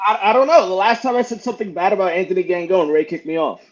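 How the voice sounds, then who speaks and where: Wrestler guest, male, high animated voice, mock-boastful trash talk, slightly muffled lo-fi audio. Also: fast talker. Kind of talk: casual podcast chat.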